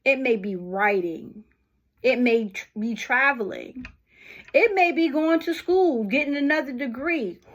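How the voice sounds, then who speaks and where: A middle-aged woman talking casually and unhurriedly to her viewers, asking them questions as she encourages them. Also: sits high. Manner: unhurried, conversational, asks the listener questions. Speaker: vlogger. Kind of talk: casual motivational talk to camera.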